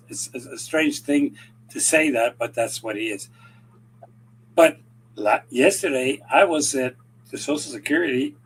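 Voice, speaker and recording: A man giving rambling, animated political commentary in casual chat, acting out quoted conversations as he goes. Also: medium pitch, slight background noise, rough recording. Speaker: regular commentator.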